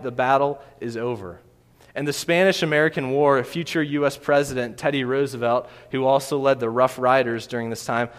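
A man's voice: mid-range voice, a bit bright. Man preaching in a reverberant hall. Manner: earnest, emphatic repetition. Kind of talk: sermon. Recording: long reverb of a large hall.

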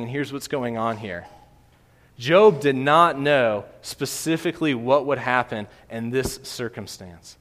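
Male preacher, mid pitch, earnest emphatic delivery, recorded with long hall reverb. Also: a bit bright. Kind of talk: sermon.

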